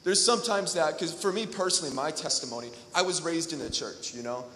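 Bright-voiced young man preaching in echoey hall. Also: fairly high pitch, lively intonation, fairly quick. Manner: conversational, repeats phrases, builds to emphatic peaks. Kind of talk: sermon. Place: large hall with long reverb.

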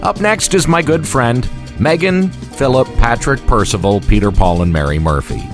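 A man's voice: mid-range voice, animated, moderate pace. A man hosting a morning radio show with dry, mock-grumpy humour. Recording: music playing behind.

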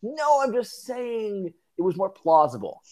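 A man's voice: high-pitched, big pitch swings, unhurried, darkish tone. A young man co-hosting a casual sports podcast, rambling and profane, with lots of fillers and restarts. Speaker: podcast co-host.

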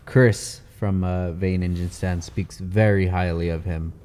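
A man's voice: sits low, steady tone, unhurried, dark tone, long reverb tail. A man hosting a casual interview, giving his guest short, encouraging replies. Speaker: podcast host.

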